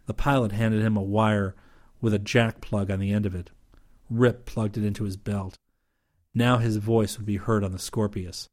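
A man reading an adventure novel aloud in steady, even audiobook narration. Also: fairly low pitch, normal speed.

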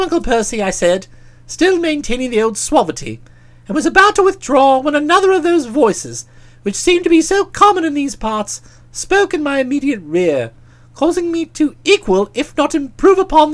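Lively, high-voiced woman narrating a comic story. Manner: brisk, expressive storytelling. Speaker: audiobook narrator.

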